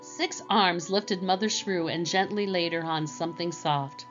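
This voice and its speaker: A woman narrating a children's storybook in a slow, gentle reading manner. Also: fairly low pitch, highs cut off, faint music behind.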